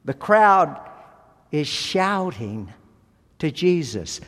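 A man preaching a sermon as pastor, speaking deliberately and with emphasis, pausing between phrases. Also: on the high side, lively intonation, long reverb tail.

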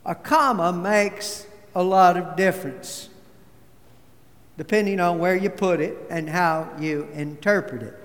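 A pastor delivers a sermon in a measured, deliberate manner, his voice sitting high for a man. He takes his time, letting each phrase land. A long reverb fills the sanctuary around him. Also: fairly bright tone. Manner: measured, deliberate preaching with storytelling. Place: church sanctuary.

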